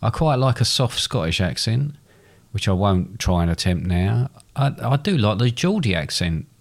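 A man's voice: lowish voice, very animated, normal speed. A man in his fifties with an Estuary English accent, chatting easily on a podcast with frequent restarts. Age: 50s. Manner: easygoing, hesitant with restarts. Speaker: podcast co-host. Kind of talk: casual chat.

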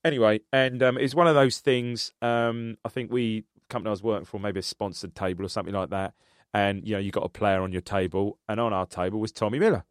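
A man's voice: fairly low pitch, steady tone, fast talker, few pauses, clean tone, dry recording. Casting: male podcast co-host, rambling anecdotal storyteller, dry close mic. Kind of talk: casual football chat.

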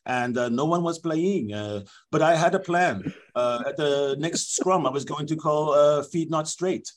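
A man voicing a bumbling, apologetic male French rugby referee in a comedy sketch, with a mock French accent and a hesitant, sheepish manner full of pauses. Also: on the high side, a little hiss or hum, lightly acted. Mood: flustered.

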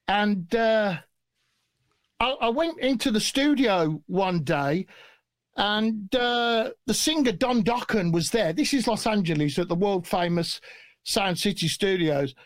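A man telling stories in a casual interview, animated and jokey, swearing freely. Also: high voice, dry recording. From England. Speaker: guest musician.

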